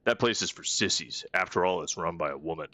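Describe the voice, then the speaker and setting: A curt, scornful burly weapon-seller from a fantasy game, read out by a man. He has a low voice with a forceful, bright edge, recorded dry and close. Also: a little fast, dry recording. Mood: gruff. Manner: curt, scornful line reading. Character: arrogant burly male weapon-shop owner, gruff and sexist. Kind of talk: reading game dialogue aloud.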